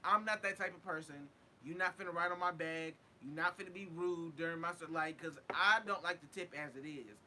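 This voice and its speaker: A young man co-hosting a podcast, talking loosely and swearing freely, getting loud and animated. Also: on the high side, brisk, slight background noise. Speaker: podcast co-host. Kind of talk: casual chat.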